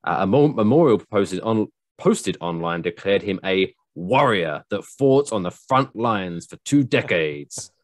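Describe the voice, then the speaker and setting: Podcast guy, low voice, dry close mic, reads news out and cracks jokes. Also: animated, unhurried, few pauses, no room sound. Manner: chatty, jokey, reads news aloud with asides. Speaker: podcast co-host. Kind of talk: casual news chat.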